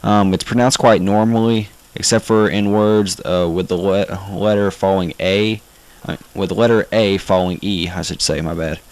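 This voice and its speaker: A man from the Southern United States giving a casual home-made tutorial, talking haltingly with frequent ums and self-corrections. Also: low-pitched, steady tone, poor audio. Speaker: amateur video instructor.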